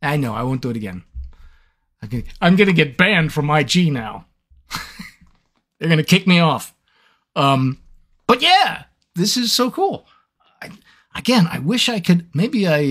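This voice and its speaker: Rambling voice actor on a livestream. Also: male voice, a little high, big pitch swings, unhurried, pauses often, a bit bright. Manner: rambling, scattered and self-mocking. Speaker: voice actor hosting a live Q&A. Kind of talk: casual livestream chat. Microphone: seated at a microphone.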